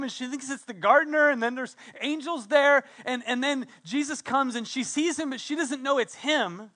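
A middle-aged man preaches with fervent conviction, his voice sitting high and ringing. He surges into loud, insistent declarations, then drops to a hushed, close tone to draw the listener in. The brightness gives his emphasis a sharp, carrying edge. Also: normal speed, few pauses. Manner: passionate, swings from loud emphasis to hushed intimacy. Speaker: pastor. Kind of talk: sermon.

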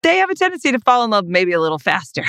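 A woman co-hosting a podcast in casual chat, playful and jokey with animated reactions. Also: mid-range voice, rapid-fire, no echo, studio quality. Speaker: podcast co-host.

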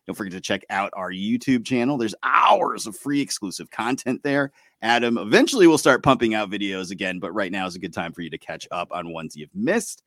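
A man hosting a casual podcast, jokey and quick, laughing often as he talks. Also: on the low side, fairly bright tone, dry recording, studio quality. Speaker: podcast host. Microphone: remote recording over a streaming tool.

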